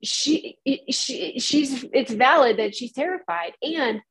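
A woman co-hosting a podcast, telling a rambling, animated story in casual chat. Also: high-pitched, takes it slowly, breathy edge, rough recording. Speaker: podcast co-host.

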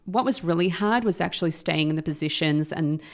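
A woman's voice: on the low side, fairly quick. A woman co-hosting a drive-time radio show, chatting earnestly and laughing along with her co-host. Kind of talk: casual radio banter.

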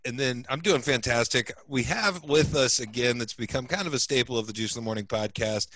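Bright-voiced laid-back podcast host man. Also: mid-range voice, no echo. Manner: easygoing, laughs often, halting with restarts. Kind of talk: casual podcast chat.

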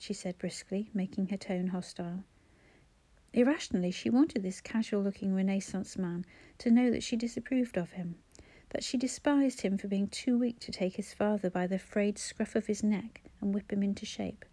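Warm-voiced woman narrating a novel. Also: mid-range voice, no echo. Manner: even, measured storytelling. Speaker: audiobook narrator. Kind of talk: scripted narration.

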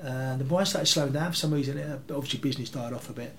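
Fast-talking man in his thirties. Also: mid-range voice, a little hiss or hum. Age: 30s. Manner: rambling, animated anecdotes with acted quotes. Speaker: guest. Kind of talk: casual interview storytelling.

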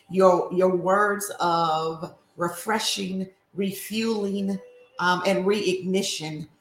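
A woman's voice: lowish voice, roomy sound. A woman hosting a prayer call, fervently reciting scripture and greeting listeners with repeated phrases. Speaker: host of a women's prayer call.

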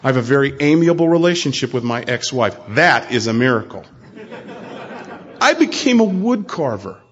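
Man, convention speaker, earnest storytelling, addresses audience, mid-pitched voice, muffled lo-fi recording. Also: big pitch swings, normal speed, husky. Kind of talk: sharing a personal recovery story. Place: convention hall talk.

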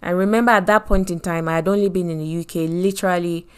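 A middle-aged woman from Nigeria with a Nigerian accent, telling a personal story in a motivational faith talk, animated, with many asides and repeated phrases. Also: fairly low pitch, quick pace, clean tone. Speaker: podcast host and Christian speaker.

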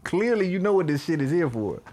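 A man's voice: a little high, very animated, fairly quick, darkish tone. A man co-hosting a podcast, joining in with laid-back, profane banter. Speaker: podcast co-host.

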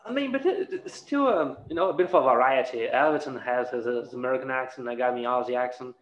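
A man hosting a casual podcast, chatty and laughing often, with lively asides. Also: medium pitch, quick pace. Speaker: podcast host. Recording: roomy, dull lo-fi sound.

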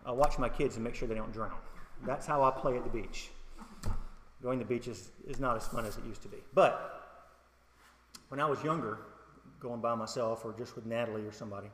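A middle-aged man delivers a sermon in a relaxed, conversational way, mixing personal stories and light humor with questions to his listeners. His voice sits in the middle range and carries the long reverb of a roomy church hall. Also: mid-range voice, a little fast, a little hiss or hum. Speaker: pastor. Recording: echoey hall.

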